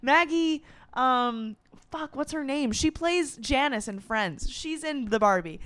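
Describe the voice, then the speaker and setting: A woman's voice: sits high, a bit bright, no echo. A woman in her twenties, talking in a playful, rambling, swearing comedic monologue. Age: 20s. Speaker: vlogger.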